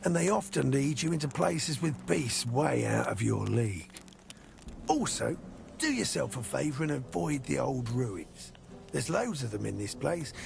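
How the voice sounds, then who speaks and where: An actor playing a sly, cocky male convict hunter in a video game, with a gravelly voice and rough slang. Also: mid-range voice, noisy background, full character voice. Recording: game music behind.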